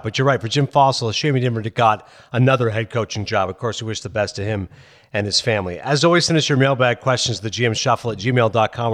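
A man co-hosting a sports podcast, reading listener mail and telling stories in an animated, emphatic way. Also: mid-range voice. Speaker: podcast co-host. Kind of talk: casual sports talk.

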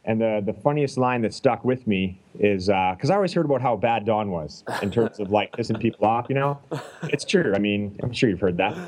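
A man's voice: fairly low pitch, fairly quick, rough recording. A middle-aged man from Canada, a chiropractor guest chatting casually and acting out quoted lines as he tells stories. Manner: animated storyteller who acts out quoted lines. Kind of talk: casual podcast chat.

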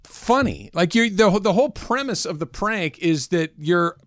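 A man hosting a sports talk show, chatting casually and telling stories with emphatic, animated delivery in a studio. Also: sits high, moderate pace, dry recording. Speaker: sports radio host. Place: radio studio.

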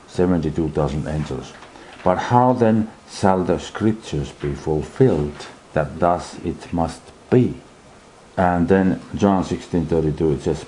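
A man with a deep, mellow voice teaches a Bible study. He reads passages aloud from his notes and explains each one, with a faint hiss under the recording. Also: a little slow, poor audio.

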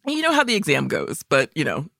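A woman's voice: low voice, wildly swooping pitch, quick pace, vocal fry, fairly bright tone, no room sound, clean studio sound. A woman in her forties telling a story on a podcast with plenty of profanity, acting out the other people's lines. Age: 40s. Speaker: podcast co-host. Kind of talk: casual comedic storytelling.

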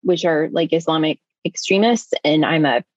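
A woman from the United States speaks as a guest, recounting a personal ordeal in a vivid, tumbling way, leaning on filler words. Her voice sits fairly low. The recording is dry and slightly muffled. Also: normal speed, darkish tone, dry recording. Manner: vivid, breathless retelling with frequent "like" fillers. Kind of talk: emotional personal storytelling.

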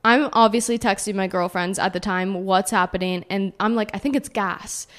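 A woman's voice: medium pitch, fairly even intonation, moderate pace. A young woman in her twenties, a podcast host telling a personal story in a chatty, casual way and saying "like" a lot. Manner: chatty, heavy use of "like".

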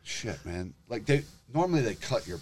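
A middle-aged man telling a story in casual chat, animated and emotional, swearing freely. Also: fairly low pitch, moderate pace, slight background noise. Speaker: guest telling his story.

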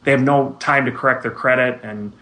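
A man's voice: medium pitch, steady tone, a little fast, crowd noise. A man, a guest on a podcast interview, plainly explaining how his company works. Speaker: guest, rent-to-own company owner.

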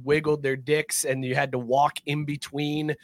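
A man hosts a sports podcast in loose, rambling banter, swearing freely as he tells stories. His voice sits somewhat high for a man. The sound is close and dry. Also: flat delivery, moderate pace, no room sound. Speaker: podcast host.

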